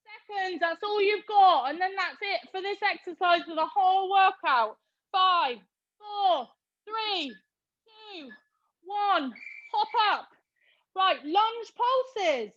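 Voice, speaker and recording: A high-pitched British woman coaches a live online workout class, counting down reps and urging her students on in an unhurried way. The audio is slightly dull and lo-fi, like a video call. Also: lively intonation, a bit bright. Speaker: fitness instructor.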